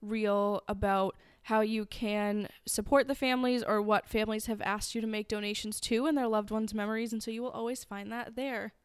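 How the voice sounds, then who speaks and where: A woman's voice: medium pitch, steady tone, normal speed, hardly any pauses, smooth, no room sound, studio quality. A woman co-hosting a true crime podcast, chatting casually and telling the story with friendly asides. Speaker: podcast co-host.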